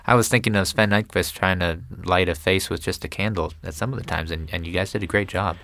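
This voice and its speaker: A man's voice: sits low, fairly even intonation, fast, a bit bright, no room sound, clean studio sound. A man interviewing a film director, asking eager, complimentary questions.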